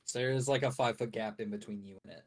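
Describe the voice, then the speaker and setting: A young man narrating as game master for a tabletop game, casual and halting, with frequent uhs and restarts. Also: fairly low pitch, steady tone, a little mellow.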